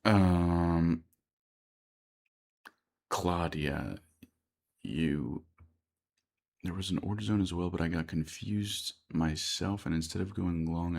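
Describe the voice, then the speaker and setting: Very deep gravelly American trader. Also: male voice. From United States. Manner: thinks aloud, repeats words, reads chat questions. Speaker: day trader streaming live. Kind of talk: live-stream commentary.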